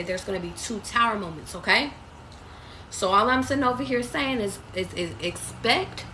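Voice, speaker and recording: A woman's voice: mid-range voice, pushed and bright, slight background noise. A woman reading tarot live for her viewers, blunt and profane, calling them baby. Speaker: tarot reader. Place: away from home.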